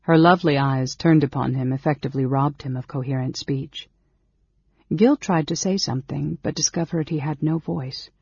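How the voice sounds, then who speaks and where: A man reads fantasy narration steadily, his voice husky and sitting a little high for a man. The recording is dry and dull, lo-fi in quality. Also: moderate pace, a little mellow, no echo. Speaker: audiobook narrator.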